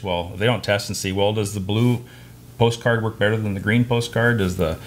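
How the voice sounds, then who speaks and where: A man's voice: on the low side, steady tone, slight background noise. A man co-hosting a podcast, chatting casually and telling stories from his working life. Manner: storytelling, quick and chatty. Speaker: podcast co-host, massage therapist. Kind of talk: casual chat.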